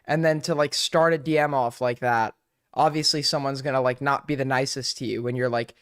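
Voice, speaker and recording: A man's voice: mid-range voice, steady tone, a little fast, fairly bright tone, smooth. Argumentative man reacting on stream. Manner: argumentative, many "like" fillers. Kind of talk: live reaction commentary.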